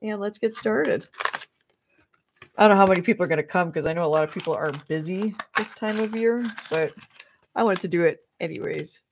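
A woman's voice: fairly low pitch, a little fast, a little hiss or hum. A woman streaming live, bubbly and chatty, greeting viewers as she opens trading card packs. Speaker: streamer opening trading cards.

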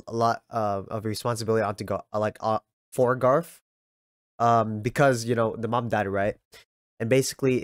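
A young man giving casual, excitable reaction commentary, laughing often and reading lines aloud in a slangy way. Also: on the low side, no room sound, studio quality. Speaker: anime reaction youtuber.

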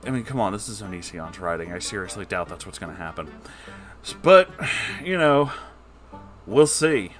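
A man's voice: lowish voice, animated, normal speed, soft background music. A man giving comedic, sarcastic commentary while reading a book aloud, exasperated and swearing freely.

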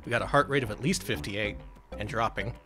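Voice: mid-range voice, brisk, over music. A streamer playing a retro game live, wry and jokey, yelping at the action. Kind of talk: casual gaming stream commentary.

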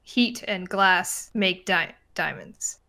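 A woman's voice: fairly low pitch, slow, gravelly, pushed and bright. A woman from Canada co-hosting a livestream, teasing and wry in casual chat. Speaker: stream co-host.

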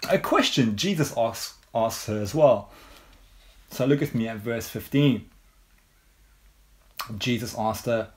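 A man with an English accent preaching a sermon, unhurried and measured, leaning on rhetorical questions. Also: mid-range voice, lively intonation. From England.

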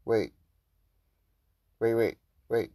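A man's voice: mid-range voice, extremely slow, dark tone, dry recording, studio quality. A man hosting a gaming channel, commenting as he plays a mobile game and reading the chat messages aloud. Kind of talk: let's play commentary.

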